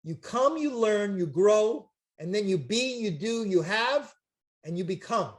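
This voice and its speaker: An older man, making an emphatic, repetitive, jokey sales pitch on a video call as a chiropractic seminar promoter. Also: lively intonation, a little slow. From Brooklyn, New York.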